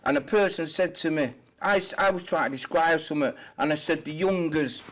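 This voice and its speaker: Emphatic man, slightly high voice. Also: fairly quick, a bit bright. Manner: emphatic, frequent "yeah?" check-ins and "mm" backchannels. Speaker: podcast guest. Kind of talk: casual interview talk.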